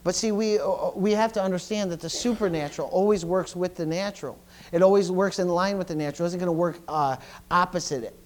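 A middle-aged man preaches from the pulpit in a voice pitched a little higher than most men's. He stumbles and repeats words as he goes, swinging from loud bursts to quiet asides. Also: fast talker. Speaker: pastor. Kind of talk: sermon.

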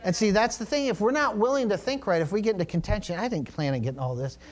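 A man's voice: high voice, lively intonation, quick pace. A middle-aged male pastor preaching a sermon in a conversational, storytelling way, with asides to the congregation.

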